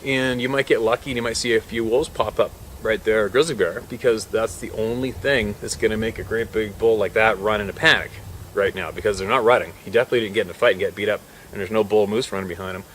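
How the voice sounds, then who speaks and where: A man who works as a hunting guide, telling a story in a casual, animated way, swearing freely and acting out what people said. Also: on the low side, quick pace, a little hiss or hum. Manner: animated, swears freely, acts out quotes, laughs mid-story.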